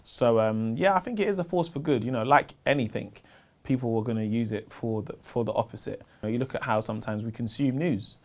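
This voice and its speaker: Lively South London comedian. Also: male voice, a little fast. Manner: animated, slangy storytelling, gets loud and high when excited. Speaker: stand-up comedian. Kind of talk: casual interview answers.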